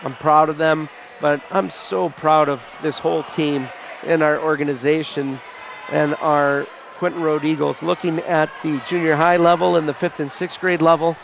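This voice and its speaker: A man in his forties calling a live high school basketball game with a stuffed-up nose, fond and folksy. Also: level tone, moderate pace, creaky. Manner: fond, folksy, often near tears. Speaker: play-by-play announcer. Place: school gymnasium, in the stands. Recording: gym crowd noise behind the voice.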